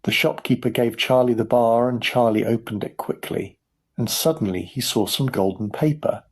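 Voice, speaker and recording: A man narrating a children's story for English learners in a clear, measured storytelling voice. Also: mid-range voice. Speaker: audiobook narrator.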